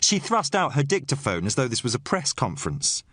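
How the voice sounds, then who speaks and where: A man's voice: medium pitch, wildly swooping pitch, a little fast, fairly bright tone, slightly rough, dry recording. Man narrating a thriller audiobook, dry. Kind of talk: scripted first-person audiobook narration.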